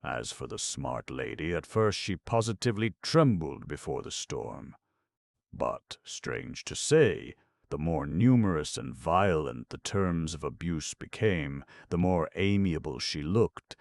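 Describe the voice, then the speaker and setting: Deep gravelly guy reading a classic novel, steady storytelling, dry close mic. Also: dry recording. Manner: measured storytelling. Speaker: audiobook narrator. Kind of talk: scripted novel narration.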